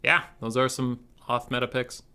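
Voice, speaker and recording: A man's voice: mid-range voice, little pitch movement, normal speed, pushed and bright, clean tone. A young man casting a strategy game tournament, rambling and joking with frequent swearing. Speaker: tournament caster. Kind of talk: casual game commentary.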